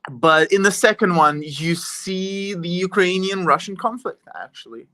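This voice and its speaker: A man's voice: high voice, measured pace, sharp tone. A man from Italy hosting a podcast, rambling in a loose, conversational way. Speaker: podcast host. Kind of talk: casual podcast chat.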